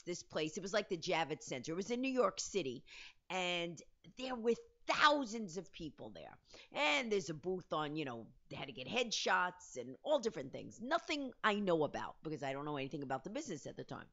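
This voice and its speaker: Lively fast-talking woman telling a story. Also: medium pitch, dull audio. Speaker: host. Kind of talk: storytelling vlog.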